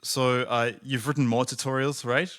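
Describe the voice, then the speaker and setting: A man's voice: mid-range voice, fairly even intonation, normal speed, fairly bright tone, dry recording, clean studio sound. A man hosting a podcast, asking short questions and clarifying terms for listeners. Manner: brief prompts and clarifications for listeners. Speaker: podcast host. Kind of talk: casual interview.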